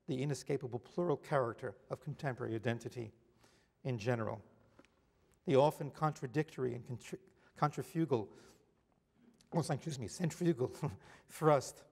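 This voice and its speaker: A middle-aged man giving a formal academic lecture, reading measured prose from notes and now and then stumbling and correcting himself. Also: medium pitch, vocal fry, a little mellow. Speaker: university lecturer. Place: large lecture hall. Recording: lecture hall with long reverb.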